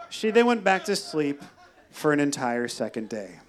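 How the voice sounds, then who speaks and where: A man telling a wry, deadpan personal story at a live storytelling show. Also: on the high side, normal speed. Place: live venue.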